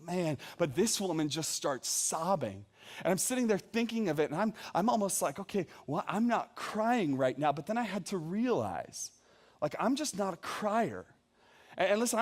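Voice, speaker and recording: Animated high-voiced young pastor preaching. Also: male voice. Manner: animated, self-deprecating storytelling. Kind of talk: sermon.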